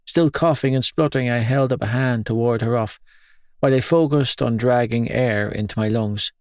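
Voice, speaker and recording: A man narrating a first-person audiobook in a grave, measured, intense manner. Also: medium pitch, a little mellow, no echo, clean studio sound.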